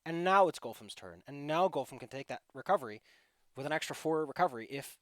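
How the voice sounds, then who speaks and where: A man's voice: a little high, expressive, quick pace, a bit bright, dry recording, clean studio sound. Joking man running a tabletop game. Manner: chatty, joking narration of combat. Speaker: game master.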